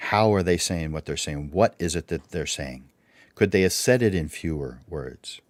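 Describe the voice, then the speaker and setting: A man's voice: sits low, animated, moderate pace, no room sound. A man presenting a livestreamed speaking workshop, instructive and full of rhetorical questions.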